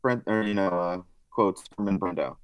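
A man's voice: sits low, normal speed, clean tone, no room sound. A man co-hosting a comedy podcast, rambling through goofy jokes and laughing at his own bits. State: groggy from a nap. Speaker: podcast co-host. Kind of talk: casual comedic banter.

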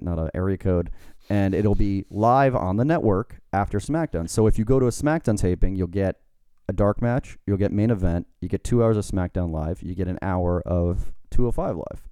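A man's voice: sits low, warm tone, clear, resonant tone, dry recording, studio quality. A man co-hosting a podcast, chatting in a loose, joking, rambling way. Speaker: podcast co-host. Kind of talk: casual chat.

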